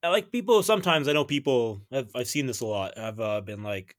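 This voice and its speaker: A man's voice: mid-range voice, lively intonation, brisk, hardly any pauses, no room sound, clean studio sound. Eager young male podcast host. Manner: enthusiastic, addresses listeners directly. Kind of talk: casual chat.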